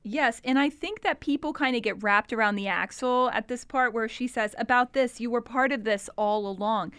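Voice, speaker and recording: A woman's voice: on the high side, normal speed, a bit bright, clear, resonant tone, no room sound, studio quality. A woman co-hosting a podcast, talking through a recorded call in a thoughtful, conversational way with plenty of fillers. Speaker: podcast co-host. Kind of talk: casual chat analyzing a call recording.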